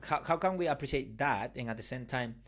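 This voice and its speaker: A man's voice: medium pitch, quick pace, fairly bright tone. Man explaining ideas, checking in often. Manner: reasoning aloud, checks understanding often. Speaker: podcast host. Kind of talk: explanatory conversation.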